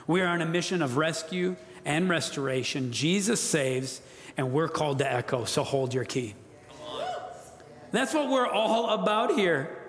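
A man's voice: a little high, lively intonation, unhurried, a bit bright. A man preaching an earnest, emphatic sermon as a pastor, calling on the congregation to repeat after him. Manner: earnest, emphatic, leads congregation call-and-response. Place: church sanctuary. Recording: long reverb of a church hall.

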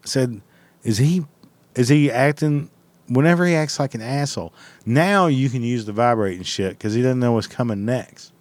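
A man's voice: medium pitch, fairly quick, no echo. A man telling a rambling story in a blunt, heavily profane, casual way.

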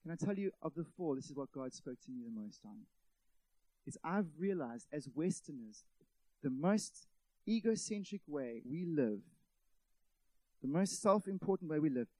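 A man preaching a sermon in an animated way, asking rhetorical questions and calling the congregation his friends. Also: on the high side, moderate pace, long pauses, no echo. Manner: animated, with many rhetorical questions and acted-out quotes; addresses the audience as friends.

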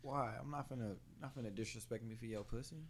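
A young man with a middle-pitched voice in a casual chat among friends. He argues his points earnestly against the others. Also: steady tone, fast talker, very noisy. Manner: earnest, argumentative. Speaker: podcast co-host.

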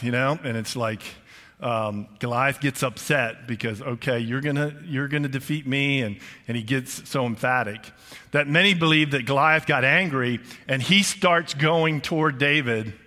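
Older male pastor, bright voice in a reverberant hall. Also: mid-range voice. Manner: chatty, emphatic, with frequent restarts and asides. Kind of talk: conversational sermon. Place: church auditorium. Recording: long reverb of a large hall.

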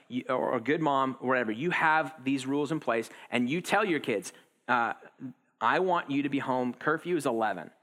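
A man in his thirties preaching a conversational sermon, acting out quotes with lively shifts in tone. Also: medium pitch. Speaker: pastor.

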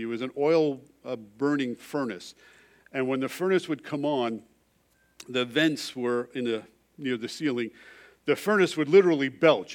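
A middle-aged male pastor preaching a sermon, telling a personal story with loud emphasis that drops to a hushed, confessional tone. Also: fairly high pitch.

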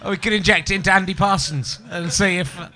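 Comedy podcast host guy, super bright high voice, laughs at everything. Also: fairly even intonation, a little hiss or hum. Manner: giggly, teasing, quick to joke. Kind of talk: live comedy podcast chat.

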